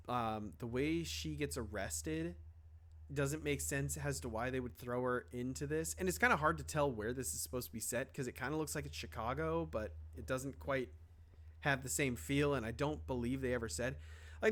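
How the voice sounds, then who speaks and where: Young guy on a podcast, rambly, lots of ums and likes, swears casually, middle pitch. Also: fairly bright tone. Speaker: podcast co-host. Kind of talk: casual chat.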